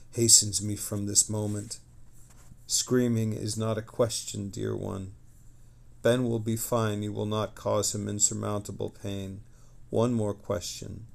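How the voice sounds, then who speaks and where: A man's voice: fairly low pitch, gravelly, darkish tone. A man voicing a serene otherworldly mother spirit. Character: calm otherworldly mother spirit, female, ancient.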